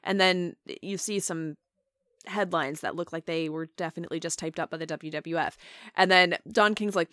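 A woman's voice: on the low side, fairly even intonation, moderate pace, a bit bright, no room sound, clean studio sound. A young adult woman co-hosting a casual chat show, talking in a wry, chatty way with lots of asides. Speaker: podcast co-host. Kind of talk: casual chat reviewing wrestling.

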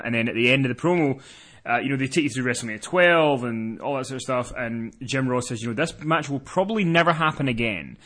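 A man hosting a podcast, chatting casually. He tells the recap in an animated way and drops in quick asides. His voice sits at an ordinary middle pitch. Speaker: podcast host. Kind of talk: casual chat.

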